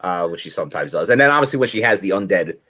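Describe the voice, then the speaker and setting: A man's voice: sits low, animated, very fast, bright, forceful tone. A man co-hosting a casual wrestling review podcast, making wry, dry jokes. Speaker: podcast co-host.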